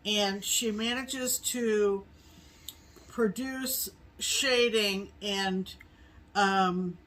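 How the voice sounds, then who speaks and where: Slow-talking rambling woman, full of ums. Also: medium pitch, fairly bright tone, low-quality recording. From New England. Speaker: co-host. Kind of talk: casual chat.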